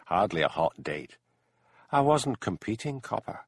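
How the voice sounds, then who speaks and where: A man voicing a sharp, teasing young woman with a dry manner. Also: fairly low pitch, sing-song, unhurried, breathy edge, no room sound, exaggerated voice.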